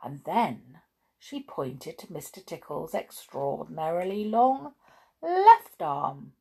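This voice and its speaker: Slow, sing-song woman reading a storybook. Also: low-pitched, vocal fry, husky. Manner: expressive, sing-song, with small slips. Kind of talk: reading a children's storybook aloud.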